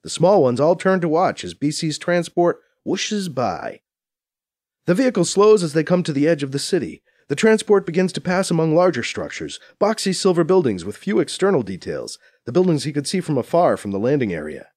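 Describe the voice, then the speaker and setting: A man narrating an audiobook in expressive storytelling style. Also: brisk, dry recording, clean studio sound. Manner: expressive storytelling with lively pitch. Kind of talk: scripted narration.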